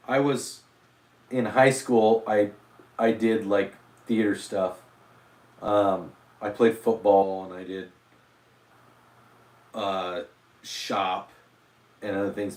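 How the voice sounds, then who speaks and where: A man's voice: on the low side, recorded from a distance. A man hosting a casual livestream, rambling and self-deprecating, with lots of fillers and restarts. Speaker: livestream host. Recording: roomy echo.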